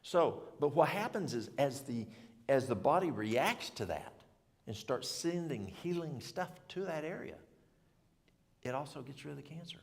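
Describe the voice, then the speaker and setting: A man's voice: medium pitch, sing-song, normal speed, gravelly. A middle-aged man giving an informal health talk at a church, rambling in a folksy way and correcting himself as he goes. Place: church hall. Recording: long hall reverb.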